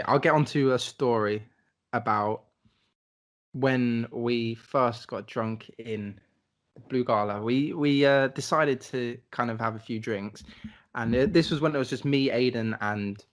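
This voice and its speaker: A young podcast co-host rambles through a travel story in a casual storytelling chat. His voice is medium-pitched, and he laughs, swears, and fills his speech with fillers.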